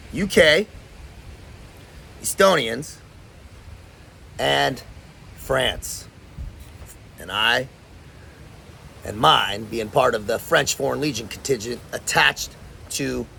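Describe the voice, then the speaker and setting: Brief: a Californian host telling stories in casual slang, rough gravelly tone with a faint hiss behind. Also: male voice, medium pitch, fairly bright tone. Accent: Californian American. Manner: slangy, laid-back, says man and bro a lot. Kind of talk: casual storytelling.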